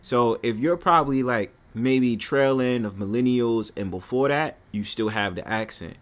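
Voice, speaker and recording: A man from New York with a New York accent, hosting a casual panel chat on his stream, slangy and animated. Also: mid-range voice, normal speed. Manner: animated, laughing, slangy storytelling. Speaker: stream host.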